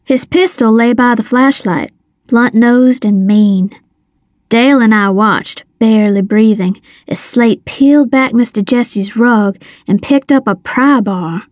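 A woman narrating a first-person adventure story with measured suspense. Her voice sits fairly high and moves slowly. The close studio sound is dry, with no room in it. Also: darkish tone, no room sound. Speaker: audiobook narrator.

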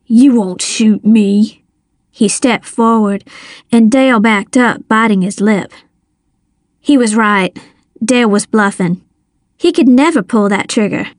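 Slow, dramatic woman narrator. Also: medium pitch, no room sound, clean studio sound. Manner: measured, dramatic. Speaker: audiobook narrator. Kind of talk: scripted first-person narration.

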